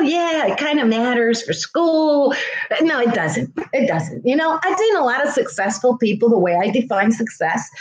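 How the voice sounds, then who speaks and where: A schoolteacher who vlogs chats earnestly with viewers on a casual livestream, her voice fairly high and the room echoey. She is heartfelt and repeats herself for emphasis.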